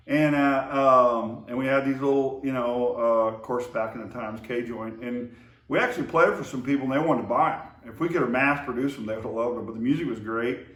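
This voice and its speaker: This mid-range voice belongs to a man from around Oklahoma and Texas, talking a little fast as he loosely remembers his brother and old times. Fillers and restarts crop up constantly, and the audio has a roomy echo with the speaker far from the mic.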